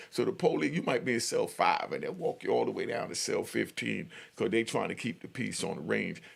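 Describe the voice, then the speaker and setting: A man's voice: fairly low pitch, fast, vocal fry, hardly any pauses, slightly rough. A middle-aged man telling a story in loose street talk full of "you know" fillers. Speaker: prison storyteller. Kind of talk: casual spoken storytelling.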